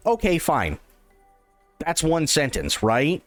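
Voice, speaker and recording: A man's voice: a little high, huge pitch swings, takes it slowly, dry recording, faint music behind. A man hosting a livestream, giving casual reaction commentary, repeating himself and stumbling over restarts. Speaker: livestream host reacting to an interview.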